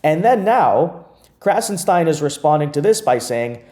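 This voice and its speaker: A male political commentator with a somewhat high voice that stays mellow rather than bright. He talks emphatically and mockingly, circling back with repeated phrases as he presses each point. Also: big pitch swings, measured pace.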